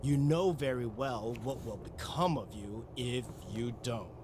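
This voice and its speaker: A man's voice: mid-range voice, a little slow, darkish tone, a little hiss or hum, close to an everyday voice. An actor playing a cold, scheming older male city ruler in a video game, speaking in a condescending, commanding way.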